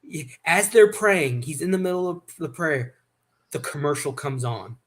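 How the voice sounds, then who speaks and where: A man's voice: on the high side, expressive, moderate pace. A man hosting a casual chat, telling rambling stories with many restarts. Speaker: host.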